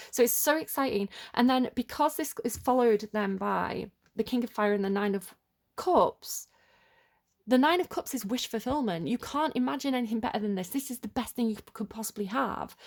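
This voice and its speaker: A woman giving an unscripted tarot reading, rambling and tentative as she thinks aloud and fills her talk with "like" and "kinda". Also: fairly high pitch. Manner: rambling and chatty, full of "like" and "kinda". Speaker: tarot reader.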